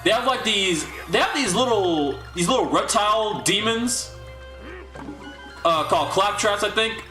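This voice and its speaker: Animated, high-voiced male streamer. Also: measured pace. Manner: rambling and incredulous, with frequent restarts and asides. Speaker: livestream host. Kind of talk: casual recap talk to a livestream chat. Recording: echoey room with faint music.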